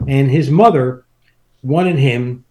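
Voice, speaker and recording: A man's voice: mid-range voice, takes it slowly, mellow. A man in his seventies, a podcast guest, telling rambling family stories in casual chat and chuckling through them. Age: 70s.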